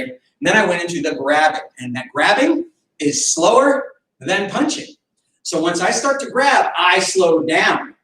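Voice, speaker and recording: A male martial arts instructor with a high-pitched voice teaches a self-defense class, animatedly acting out fight scenarios and breaking into sudden shouts. He's recorded from far off in an echoey room.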